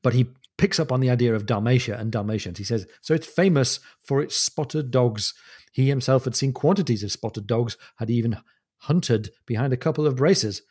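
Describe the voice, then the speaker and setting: A man's voice: mid-range voice, a little fast, darkish tone, husky. A man co-hosting a casual book discussion, reading passages aloud with relish. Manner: enthusiastic, relishing the text. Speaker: podcast co-host.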